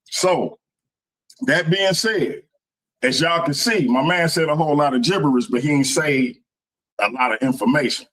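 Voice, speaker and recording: Brief: debater, man, relaxed and confident, calls the audience y'all, a bit high. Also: moderate pace, rough recording. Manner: casual, addresses the audience as y'all.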